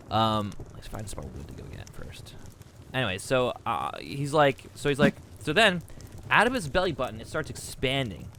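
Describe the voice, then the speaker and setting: A man streaming a game and telling a long, rambling, profane comic story with animated asides. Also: mid-range voice, brisk, a little hiss or hum.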